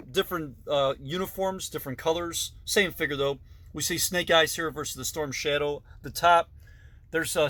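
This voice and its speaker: A man's voice: a little high, fairly bright tone, no echo. A middle-aged man casually narrating a tour of his collection in a basement, with frequent fillers and self-corrections. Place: basement room.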